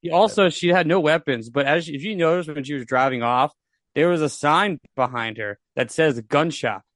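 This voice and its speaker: Sex: man. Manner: animated film buff, laughs often. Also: a little high, normal speed, no room sound, clean studio sound. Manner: animated, laughs often, points out shots and effects. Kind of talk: casual film discussion.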